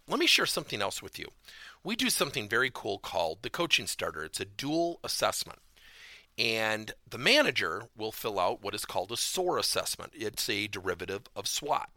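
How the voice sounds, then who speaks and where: A man's voice: medium pitch, pushed and bright, no echo, studio quality. A man giving a motivational business talk as a corporate coaching trainer, stressing key words emphatically and theatrically.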